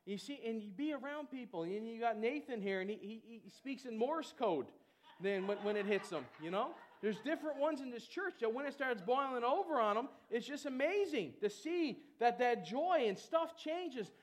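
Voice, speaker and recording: A man preaching a lively sermon, chatty with many fillers and breaking into shouted calls to the congregation. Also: very high voice, normal speed. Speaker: pastor.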